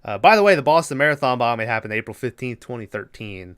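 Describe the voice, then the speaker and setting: A man co-hosting a podcast, casually retelling a movie plot with lots of swearing and quick impressions of the characters. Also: medium pitch, sing-song, fairly bright tone, clear, resonant tone. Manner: rambling, swears freely, acts out characters' lines. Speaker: podcast co-host. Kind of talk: casual movie recap chat.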